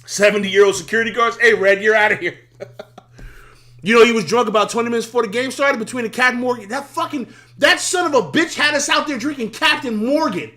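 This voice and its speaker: A man hosting a live sports talk stream, excitable and profane, laughing often and repeating himself, his voice worn from yelling. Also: very high-pitched, quick pace.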